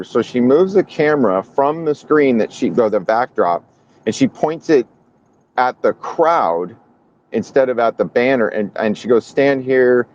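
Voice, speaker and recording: A man talks in casual conversation and slips into animated, acted-out voices when he quotes people. His sound is dull and lo-fi, with a faint vehicle hum behind him. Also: mid-range voice. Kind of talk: casual chat.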